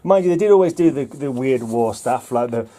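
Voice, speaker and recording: A man's voice: mid-range voice, expressive, a little fast, warm tone. A man casually rambling about comic books he owns, chuckling and restarting his sentences as he goes. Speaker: vlogger reviewing old comic books. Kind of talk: casual chat.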